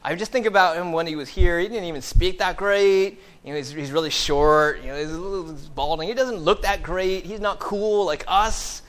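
A man's voice: high voice, moderate pace, hardly any pauses, fairly bright tone. A man imitating boastful, scornful false teachers who mock a rival. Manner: mocking, dismissive.

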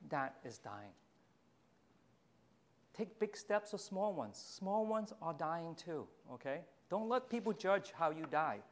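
A man, a pastor, preaching a sermon in a lively, confessional way, poking fun at himself. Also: fairly high pitch, takes it slowly. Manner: animated, confessional, self-mocking with laughs.

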